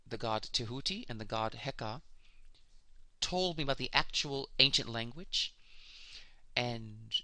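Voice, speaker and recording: A man's voice: mid-range voice, sharp tone, no echo. A man giving a spiritual lesson on sound magic, explaining words and spelling out how to pronounce them. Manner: slow, deliberate explaining, spelling out pronunciations. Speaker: spiritual teacher.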